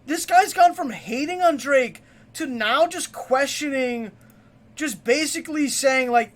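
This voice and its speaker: A man's voice: very high-pitched, lively intonation, a little slow, a bit bright. A man streaming a reaction video, ranting casually, heated and profane.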